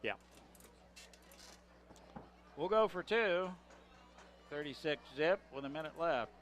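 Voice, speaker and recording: A man giving color commentary on a local high school football game, breaking plays down in plain conversational talk. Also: lively intonation, slow pace, a bit bright, faint music behind.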